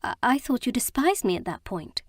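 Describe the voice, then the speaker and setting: A woman voicing an earnest, emotional young bride in an audiobook, speaking in a halting, heartfelt way. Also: on the high side, big pitch swings, slightly rough, no echo, studio quality, pitched above the performer's own voice, heavily acted. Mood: wondering. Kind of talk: audiobook character reading.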